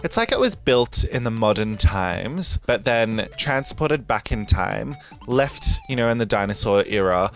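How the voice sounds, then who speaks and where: A man's voice: fairly low pitch, lively intonation, unhurried, gravelly, few pauses. A man chatting and gushing in a rambling, giggly voice-over over a building game, with faint music behind him. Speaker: gaming video host. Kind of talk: casual voice-over over gameplay.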